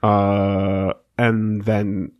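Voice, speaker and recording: A man's voice: lowish voice, little pitch movement, drawn-out words, smooth, lo-fi sound. A young man co-hosting a podcast in casual chat, rambling with many fillers and restarts, swearing freely. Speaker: podcast co-host.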